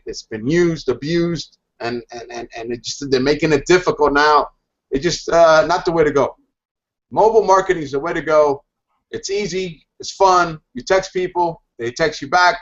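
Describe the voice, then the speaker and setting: A man giving an enthusiastic sales pitch on a video call, talking in fired-up bursts with lots of stammered restarts. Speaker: hangout participant. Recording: dull lo-fi video call audio.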